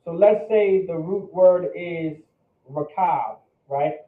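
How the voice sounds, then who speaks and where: Distant teacher's voice in a roomy hall. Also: male voice, fairly high pitch, slow pace, phone-quality sound. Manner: patient, checks understanding with repeated questions. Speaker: Hebrew class teacher. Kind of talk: classroom teaching.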